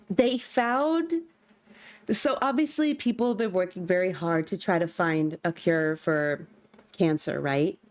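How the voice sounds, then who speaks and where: A woman's voice: lowish voice, dry recording. A young woman from California chatting casually on a game livestream, bubbly and talkative. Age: young adult. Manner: bubbly, chatty, breaks into squeals and gasps. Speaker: streamer. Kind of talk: casual livestream chat while gaming.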